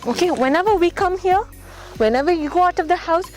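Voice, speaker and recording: Over loud background music and poor audio, a charity volunteer instructs children on using sanitizer and face masks. She talks through a mask in a very high, expressive voice at a slightly fast pace, staying patient, repeating things, and often confirming the kids follow.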